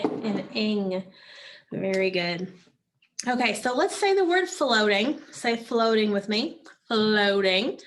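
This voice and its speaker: Woman teacher, slightly high voice, slow and patient, leading a phonics drill. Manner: slow, patient prompting with pauses for answers. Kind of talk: phonics lesson to children.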